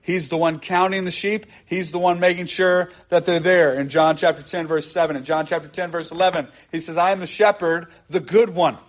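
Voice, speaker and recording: A man pastor preaching a sermon, repeating key phrases and slowing down to stress them. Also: fairly high pitch, fairly even intonation. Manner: emphatic repetition, slows down to stress key phrases.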